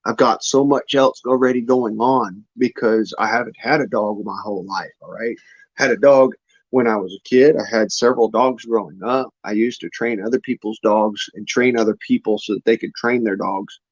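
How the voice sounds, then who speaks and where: A man's voice: fairly low pitch, fairly even intonation, moderate pace, dry recording. A man rambling casually on his vlog in a folksy, drawling way, often swearing. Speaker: vlogger. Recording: muffled lo-fi dry sound.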